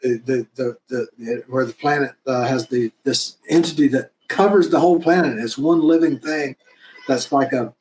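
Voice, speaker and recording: A man's voice: medium pitch, moderate pace, darkish tone, a little hiss or hum. A man talking enthusiastically about producing his fan film episodes, rambling and laughing now and then. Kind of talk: casual interview chat. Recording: roomy echo.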